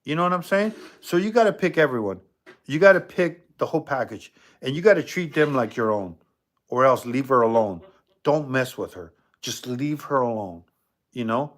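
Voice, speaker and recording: A man hosts a casual spirit-box chat with streetwise slang. He breaks off into animated, scolding asides, and his voice sits at a middle pitch. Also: normal speed. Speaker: paranormal streamer.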